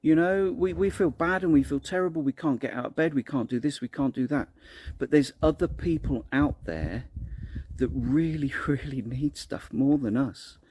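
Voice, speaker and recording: A man's voice: fairly high pitch, normal speed, a little mellow, slight background noise. A man, telling a personal story in a casual vlog monologue, earnest and rambling, with many restarts. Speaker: vlogger.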